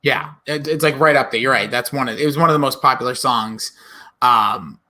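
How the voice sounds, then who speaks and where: A man co-hosting a podcast, rambling and chatty in casual conversation, quick to laugh. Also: medium pitch, bright, forceful tone. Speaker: podcast co-host. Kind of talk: casual chat.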